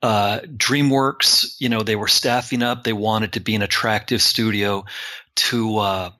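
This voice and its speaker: Middle-aged guy with a bright forceful voice, easygoing storyteller in an interview. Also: on the low side, measured pace. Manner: relaxed storyteller, self-deprecating. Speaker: guest concept artist. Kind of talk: casual interview talk.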